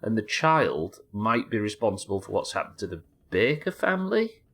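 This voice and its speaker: A man's voice: fairly low pitch, very animated, normal speed, a bit bright. A British man commenting on a horror game as he plays it live, musing aloud, reading notes and chatting with viewers. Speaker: streamer.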